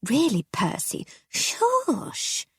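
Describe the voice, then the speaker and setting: A woman's voice: high-pitched, wildly swooping pitch, very slow, no echo, studio quality, pitched above the performer's own voice, exaggerated voice. Woman doing a fretful, shushing wife. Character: fussy, anxious middle-aged wife.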